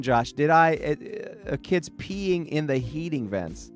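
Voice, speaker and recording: A man's voice: on the high side, lively intonation, slow, few pauses, smooth, faint music behind. Rambling male podcast host telling stories. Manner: rambling, self-interrupting, laughs while telling stories. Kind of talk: casual storytelling.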